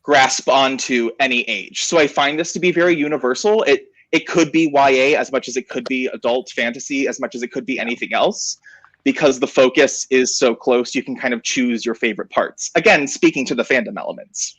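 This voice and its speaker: A man talking in a casual, animated book discussion on a video call, with lots of "like" in his speech. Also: medium pitch, brisk, no room sound, rough recording. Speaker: book club panelist.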